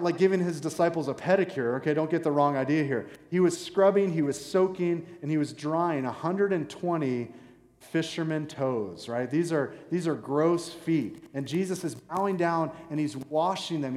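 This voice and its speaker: A man's voice: on the high side, normal speed, a little mellow. Joking preacher man in an echoey hall. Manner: conversational and joking, acting out the disciples. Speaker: pastor. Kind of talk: sermon. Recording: echoey hall with long reverb.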